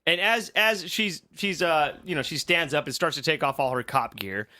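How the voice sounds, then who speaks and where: A man co-hosting a podcast, recapping a horror film in casual chat, animated and laughing often as he acts out lines. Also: fairly high pitch, normal speed. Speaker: podcast co-host.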